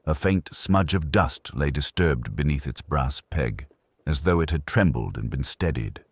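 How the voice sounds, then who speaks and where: A man narrating a classic detective mystery in a measured, expressive reading. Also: a bass voice, husky, no room sound. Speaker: audiobook narrator.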